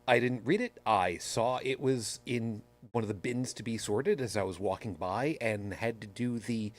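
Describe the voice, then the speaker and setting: A man hosting a podcast, chatting casually and telling rambling, self-deprecating stories. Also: mid-range voice. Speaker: podcast host. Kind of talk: casual chat.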